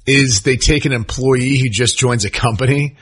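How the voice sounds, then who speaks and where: Easygoing husky-voiced radio co-host. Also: male voice, medium pitch, normal speed, a bit bright. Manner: easygoing, laughs while talking. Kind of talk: sports talk radio banter. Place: radio studio.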